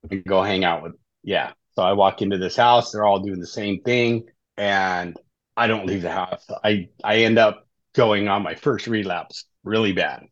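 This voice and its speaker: A middle-aged man with a fairly low voice tells his story as a podcast guest, casual and chatty, and keeps checking in with "right?". The recording sounds dull and lo-fi. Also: normal speed. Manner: conversational, often tags sentences with "right?". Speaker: podcast guest, life coach in recovery.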